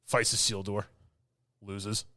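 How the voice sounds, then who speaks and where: A man's voice: lowish voice, flat delivery, slow pace, bright, forceful tone, dry recording, clean studio sound. A man co-hosting a podcast, ranting in casual chat with mocking mimicry and blunt complaints. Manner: ranting, exasperated, mocking quotes. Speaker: podcast co-host.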